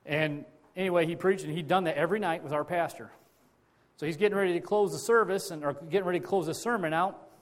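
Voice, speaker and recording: A man's voice: fairly high pitch, fast. A man preaching a sermon as a pastor, telling a personal story in a conversational way, often repeating and restarting phrases.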